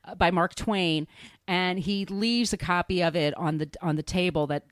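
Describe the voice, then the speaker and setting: A woman's voice: lowish voice, steady tone, moderate pace, no echo. A woman podcast host recapping a film in a chatty, rambling way, laughing at herself. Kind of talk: casual movie recap.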